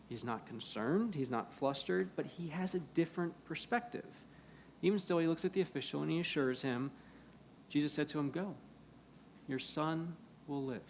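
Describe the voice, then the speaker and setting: Guy preaching in church, kinda higher voice, earnest, goes loud then really quiet, faint hiss behind. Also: creaky. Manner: earnest, swings between loud emphasis and hushed pleading. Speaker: pastor. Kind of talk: sermon. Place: church sanctuary.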